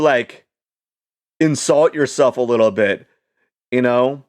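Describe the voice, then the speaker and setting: Male vlogger, medium pitch, casual motivational monologue with loose, restart-heavy delivery and big swings in volume. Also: slow pace, long pauses. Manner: rambling, heavy use of "like", frequent restarts; animated, swings between loud and quiet. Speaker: channel host.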